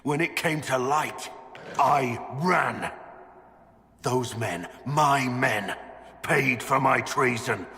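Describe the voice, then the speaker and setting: An actor playing a gravelly, guilt-ridden warrior in a video game, speaking gravely and condemning himself. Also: male voice, lively intonation, extremely slow, bright, forceful tone, echoey room, in a large hall, heavily acted. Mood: anguished. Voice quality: deep gravelly voice. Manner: grave, heavy, self-condemning. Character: gruff guilt-ridden male warrior confessing.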